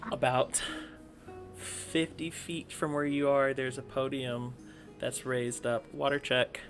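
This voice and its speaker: A man narrating a tabletop role-playing game as game master in a relaxed, casual way, full of fillers like "like" and "kinda.". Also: mid-range voice.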